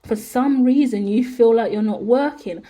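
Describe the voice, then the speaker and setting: A woman's voice: a little high, moderate pace, breathy edge. Chatty, swearing woman reading tarot. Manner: chatty, slangy, swears freely, animated, often asks "yeah?". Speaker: tarot reader and channel host. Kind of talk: casual general tarot reading.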